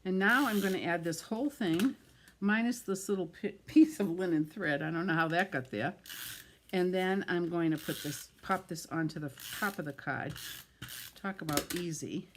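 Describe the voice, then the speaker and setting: A woman's voice: fairly low pitch, normal speed, a little hiss or hum. A middle-aged woman giving a card-making tutorial while she works, chatty and self-deprecating, tripping over words and laughing it off. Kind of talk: craft tutorial, talking while working.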